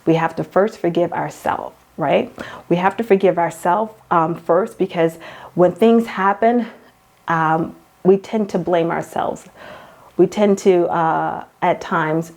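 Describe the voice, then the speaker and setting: A woman's voice: lowish voice, slow, a little mellow. A woman host giving a motivational faith talk, speaking straight to the listener like a coach, repeating key phrases and calling her girl and hon.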